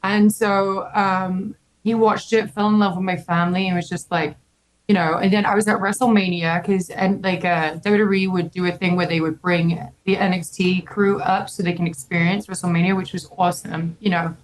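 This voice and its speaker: Animated young woman telling a story. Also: on the low side, moderate pace, poor audio. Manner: animated, heavy filler "like", casual swearing. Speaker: podcast guest. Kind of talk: casual storytelling.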